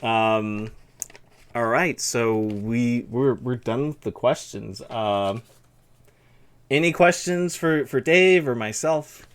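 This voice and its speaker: Taking it slowly, a young stream host with a lisp chats casually with his interview guest in a smooth, medium-pitched voice. He drifts from point to point and uses plenty of filler words.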